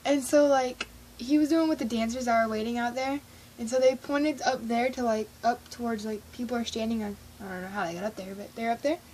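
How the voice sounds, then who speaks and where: A woman vlogging about a concert, telling it in an excitable, gushing way and acting out her own reactions. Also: fairly high pitch, slight background noise, low-quality recording. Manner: gushing, excitable, fast-shifting, reenacts her own squeals. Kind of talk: excited casual storytelling.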